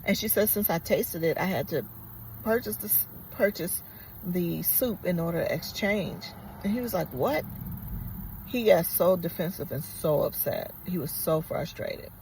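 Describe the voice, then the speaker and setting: A woman's voice: lowish voice, moderate pace, darkish tone, slight background noise, poor audio. A woman vlogger telling a personal story in a casual, earnest and reflective way, rambling with many fillers.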